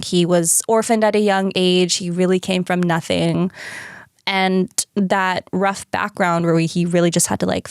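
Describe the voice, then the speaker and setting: A woman's voice: fairly low pitch, no room sound, clean studio sound. A woman co-hosting a podcast, casually recapping a story with lots of swearing and playful asides. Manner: animated, swears freely, acts out characters. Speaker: podcast co-host. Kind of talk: casual chat recapping a musical.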